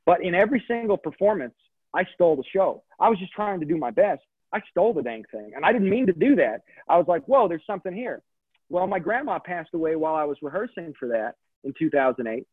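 His voice sits high, husky and expressive, and he talks fast over a dry, tinny phone-like line without echo. The thirty-something comedian meanders through a story in a casual interview, frequently correcting himself.

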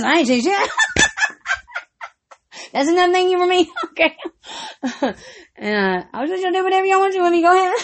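A woman vlogger telling rambling, casual stories, swearing freely and breaking into frequent giggles. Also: high voice.

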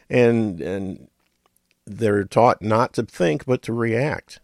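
A man's voice: lowish voice, animated, takes it slowly, creaky, no echo, studio quality. A middle-aged man hosting a radio talk show, rambling in a folksy way with chuckles and muttered asides.

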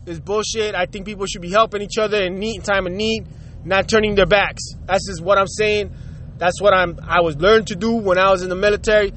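A man's voice: high-pitched, steady tone, fairly quick, a bit bright, slight background noise. A Puerto Rican man hosting his own show, venting in a heated, profane rant aimed straight at his listeners. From Puerto Rico. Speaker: podcast host. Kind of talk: angry rant.

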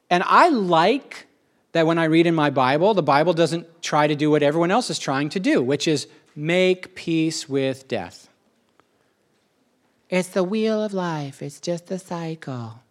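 Middle-aged guy rambling on, kinda high voice, gets emotional, repeats himself a lot. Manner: rambling, emotional and animated, with quick asides and repetition. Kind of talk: casual spoken monologue.

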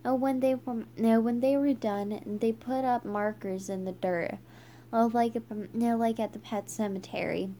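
A woman reading a children's book aloud, halting and stumbling with frequent restarts. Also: fairly high pitch, fairly even intonation, mellow, a little hiss or hum. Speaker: reader.

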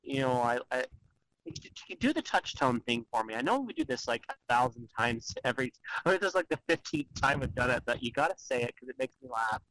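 Lively giggly man rambling on the phone. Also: medium pitch, fast talker, a little hiss or hum, low-quality recording. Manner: rambling, giggly, lots of fillers. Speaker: podcast co-host. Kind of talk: casual chat. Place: calling in by cell phone.

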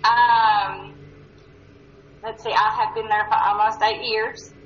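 A woman's voice: mid-range voice, little pitch movement, takes it slowly, slight background noise. A woman in her thirties from Eastern Kentucky with an Eastern Kentucky accent, a guest telling her story in a chatty, self-deprecating way. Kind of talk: casual interview. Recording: roomy, distant, dull-sounding mic.

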